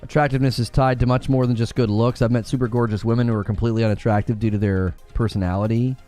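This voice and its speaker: A man's voice: medium pitch, fairly even intonation, quick pace, warm tone. An American man hosts a co-stream in a loose, casual chat. He rambles and fills his sentences with small verbal fillers. Faint music plays behind him. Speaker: co-stream host.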